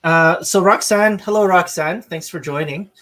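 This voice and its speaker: A man hosting a casual podcast, telling an animated story with many fillers and restarts. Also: sits high, normal speed. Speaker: podcast host. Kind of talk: casual chat.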